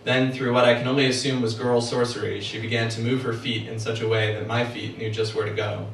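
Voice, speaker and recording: A man reading his own novel aloud at a book party, with measured first-person narration. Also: medium pitch, flat delivery, far from the mic, slight background noise. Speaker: author. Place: event room for a book party. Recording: echoey room, heard from afar.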